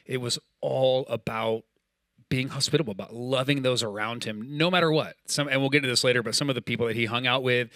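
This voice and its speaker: A man in his thirties gives a relaxed, conversational sermon with a bright, forceful tone. He tells stories and slips into quoted dialogue. The sound is dry and close. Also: medium pitch, fast talker, dry recording. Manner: casual, storytelling, acts out quoted dialogue. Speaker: pastor. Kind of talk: sermon with personal story.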